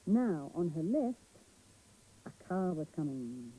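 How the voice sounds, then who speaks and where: A woman presenting a children's show, telling a story gently and expressively and asking the children questions. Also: deep voice, very animated, slow pace, breathy edge, narrow, tinny audio.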